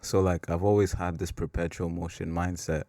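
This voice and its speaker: Very deep-voiced man musing casually. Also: level tone, normal speed, dark tone, dry recording. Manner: rambling and self-mocking, with filler "like". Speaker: podcast host. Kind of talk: casual faith talk.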